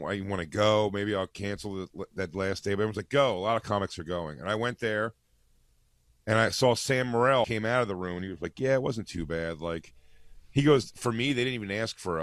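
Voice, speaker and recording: A man's voice: deep voice, no room sound. Man telling a self-deprecating story. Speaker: comedian guest. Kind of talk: animated storytelling.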